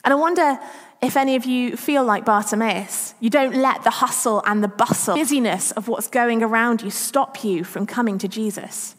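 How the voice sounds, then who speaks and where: A woman's voice: on the high side, moderate pace. A woman giving a chatty, self-deprecating church talk as preacher. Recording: long reverb of a church hall.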